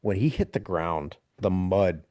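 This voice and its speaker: A man, a military veteran, telling a story on a podcast in a casual, animated way and laughing as he goes. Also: sits low, unhurried, no echo.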